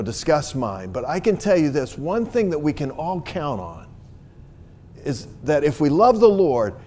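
A man's voice: medium pitch, dark tone, slight background noise. A man preaching a sermon as pastor, earnest and emphatic, often restarting and repeating words as he builds to his points.

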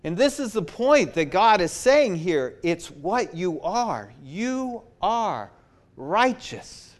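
Guy preaching slow, kinda higher voice, hammers the same phrases over and over. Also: very animated. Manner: slow and emphatic, repeating key phrases. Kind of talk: sermon.

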